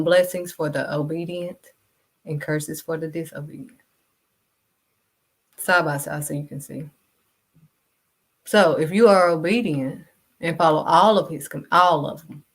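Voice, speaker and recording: A woman vlogger giving a blunt, scolding faith talk straight to camera. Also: sits low. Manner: blunt, direct, scolding, refuses to sugarcoat. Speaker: vlogger and kids' modeling teacher.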